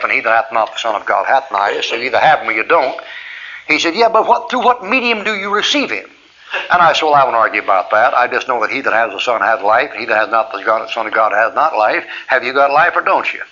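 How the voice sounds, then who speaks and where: Folksy male preacher acting out both sides of his stories, sharp bright voice, muffled old tape. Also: medium pitch, quick pace, hardly any pauses, a little hiss or hum. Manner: folksy storytelling, acts out both sides of conversations. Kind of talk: sermon with personal testimony.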